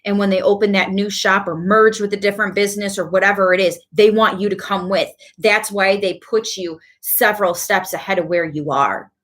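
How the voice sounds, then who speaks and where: A woman talks through a tarot reading in a relaxed, chatty way. She laughs easily and drifts into lively asides. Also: medium pitch, brisk, hardly any pauses. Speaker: tarot reader. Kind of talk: casual tarot reading to camera.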